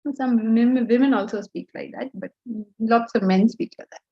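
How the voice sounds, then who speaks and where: Indian lady teacher, high voice, scolds and asks lots of rhetorical questions, kinda muffled lo-fi sound. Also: normal speed. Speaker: Vedanta teacher. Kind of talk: lecture to students.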